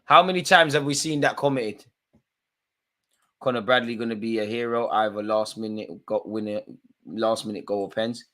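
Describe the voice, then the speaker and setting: A man's voice: fairly low pitch, normal speed, fairly bright tone. A man hosting a live football watchalong, calling out players by name and bantering in casual slang. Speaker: watchalong host.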